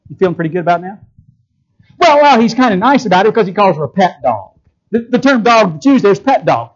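High-voiced man preaching emphatically. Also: very animated, quick pace, dull audio. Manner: emphatic, rhetorical questions to the audience, acts out quotes. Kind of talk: sermon.

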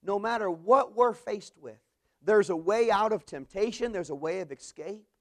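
A man preaching a sermon, swelling into emphatic bursts and dropping to quiet, low endings. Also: normal speed.

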